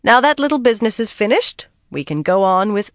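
A narrator voicing a domineering, scornful woman on a council, speaking flatly and dismissively. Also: medium pitch, brisk, no room sound, clean studio sound, pitched above the performer's own voice. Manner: flat, dismissive.

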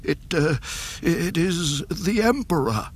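A man's voice: on the high side, expressive, slow pace, breathy edge, voice pushed up, full character voice. A man voicing a nervous male imperial admiral who stammers with a shaky voice. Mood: frightened.

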